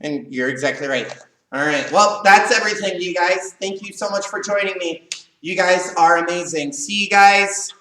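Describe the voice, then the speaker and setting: A man teaching a live online karate leadership class, animated and acting out students' cries. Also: high-pitched, normal speed, a little hiss or hum. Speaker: karate instructor. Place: karate studio, echoey room. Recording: echoey room, voice far from mic.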